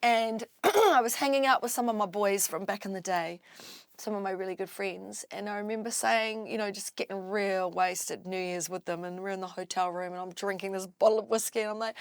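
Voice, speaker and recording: A woman from New Zealand with a New Zealand accent, a drum and bass MC telling her story in an interview, halting, with many restarts and fillers. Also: smooth, no echo, studio quality. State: tearful at times. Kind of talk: candid interview talk.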